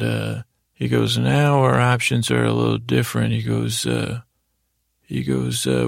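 A man hosting a sleep podcast, retelling a show's episode in a meandering, halting way with many fillers. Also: mid-range voice, little pitch movement, vocal fry, no echo, studio quality. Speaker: podcast host. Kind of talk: rambling sleep-podcast recap.

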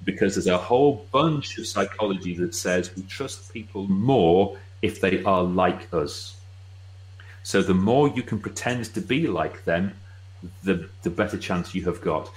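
A middle-aged British man speaking as a guest expert, explaining with brisk, wry asides. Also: low-pitched, low-quality recording. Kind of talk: casual explanatory chat.

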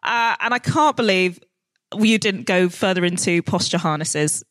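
Teasing, quick-witted woman co-host. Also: lowish voice, a bit bright, dry recording. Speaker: podcast co-host. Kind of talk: casual comedic chat. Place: live recording on stage in a London venue.

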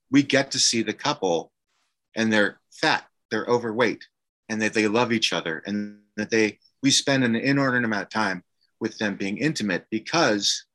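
A man with a bright, forceful edge to a low voice recounts a personal story in a conversation. He talks haltingly and with feeling, stopping and restarting often. His tone is candid and open. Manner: halting and emotional, many fillers and restarts. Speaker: actor guest.

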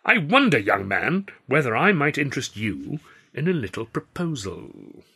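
A man's voice: medium pitch, very animated, normal speed, vocal fry, very noisy, pitched above the performer's own voice. A man voicing a flamboyant old male circus clown with a theatrical, insistent manner. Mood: effusive.

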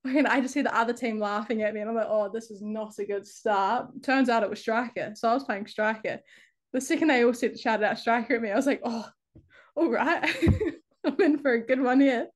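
A woman with a New Zealand accent talks as a guest about her football team, slightly higher-pitched than most women. She laughs a lot and strings thoughts together with "like". Relaxed, chatty and easygoing. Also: brisk. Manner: laughs often, heavy use of "like". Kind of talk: casual interview chat.

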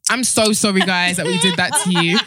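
A woman's voice: on the low side, a little fast, slight background noise. A woman hosting a podcast, chatting casually, teasing her co-hosts and often breaking into giggles. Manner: giggly, teasing, loud bursts. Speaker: podcast host. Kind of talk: casual chat. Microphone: studio mic.

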